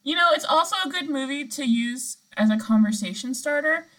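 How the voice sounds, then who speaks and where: Young woman on a podcast, bouncy animated voice, laughs a lot, kinda high. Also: fairly quick, rough recording. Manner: laughs often, enthusiastic. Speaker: podcast co-host. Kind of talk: casual chat.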